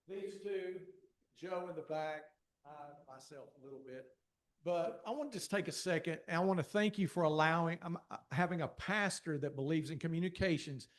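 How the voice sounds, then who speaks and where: A man with a Southern accent, a church communications staffer, giving a folksy, heartfelt thank-you with many fillers. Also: fairly high pitch. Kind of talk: informal thank-you speech to a church class.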